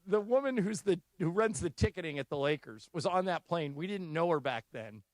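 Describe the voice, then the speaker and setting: A man's voice: fairly high pitch, expressive, brisk, no room sound. A man co-hosting a sports radio talk show, chatting casually in the studio and telling stories while acting out the voices of the people in them. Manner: storyteller who acts out quoted voices.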